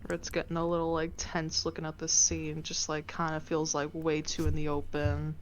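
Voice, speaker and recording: A woman's voice: sits low, monotone, normal speed, a little hiss or hum, rough recording. A woman playing a tabletop game who asks detailed questions about the scene. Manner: inquisitive, chatty.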